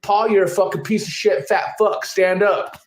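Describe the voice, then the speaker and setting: Angry high-voiced man ranting. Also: steady tone, normal speed. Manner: angry, profane, accusatory. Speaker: channel host. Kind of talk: ranting commentary. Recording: echoey room with faint noise.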